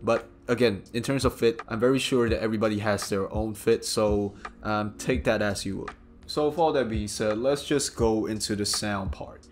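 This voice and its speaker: Chatty low-voiced man reviewing gadgets. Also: normal speed, faint music behind. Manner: chatty, rambling with filler phrases. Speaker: product reviewer. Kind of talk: casual product review.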